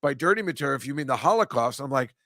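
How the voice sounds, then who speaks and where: A man's voice: medium pitch, animated, racing, sharp tone, dry recording, studio quality. A man chatting casually as a comedian co-host, rambling and joking, laughing often. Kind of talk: casual chat on a live-streamed show.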